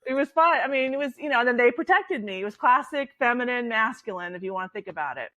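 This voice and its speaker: A middle-aged woman, a podcast guest and author, telling a travel story with lively acted-out quotes and laughter. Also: fairly high pitch, fast talker, low-quality recording. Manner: animated, laughing, acts out quotes. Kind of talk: storytelling in conversation.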